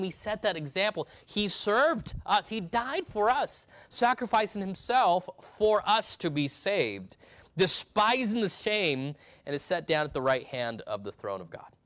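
Emphatic higher-voiced male pastor preaching. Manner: emphatic preaching with big swings between loud and hushed. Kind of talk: sermon.

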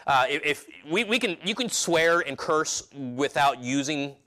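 Bright, conversational male preacher. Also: on the high side, expressive, measured pace. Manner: conversational preaching with frequent restarts and acted-out quotes. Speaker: pastor. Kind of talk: sermon.

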